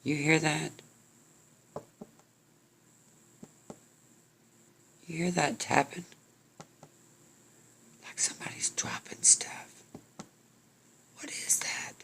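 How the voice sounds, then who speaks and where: A woman voicing a terrified drunk man who speaks in a hushed, nervous whisper. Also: low-pitched, fairly even intonation, slow pace, creaky, long pauses, voice pushed up, full character voice. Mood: frightened.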